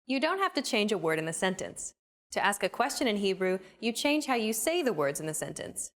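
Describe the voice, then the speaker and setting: A woman narrating a scripted language lesson in a clear, upbeat, explaining manner. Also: mid-range voice, very animated, brisk.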